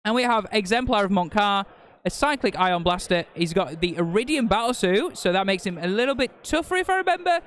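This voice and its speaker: A man's voice: high-pitched, expressive, fairly quick, a bit bright, clear, resonant tone. A man co-commentating a live tabletop wargame stream, joking as he reels off army lists. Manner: jokey, reels off unit lists.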